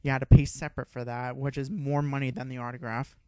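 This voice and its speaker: A young man co-hosting a podcast, telling a story in casual chat, excitable and swearing freely. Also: medium pitch, fast talker, clean tone, no echo. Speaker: podcast co-host.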